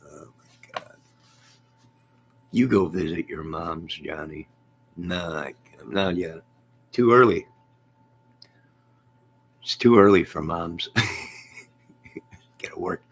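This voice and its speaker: A man's voice: low-pitched, slow pace, long pauses, slightly rough. A man hosting a casual live stream from home, rambling about his day, reading out viewer comments and laughing often.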